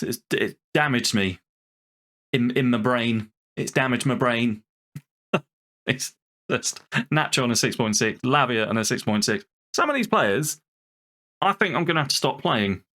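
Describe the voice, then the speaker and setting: Speaking in a mid-range voice with a sharp tone, a young streamer talks casually over a football management game. He's frustrated, swearing, and chatting to himself and his players.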